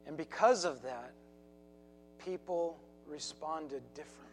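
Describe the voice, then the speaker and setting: A man voicing an old male preacher with a gravelly, plain and quiet way of speaking. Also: fairly high pitch, measured pace, long reverb tail, soft background music, natural voice. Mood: earnest.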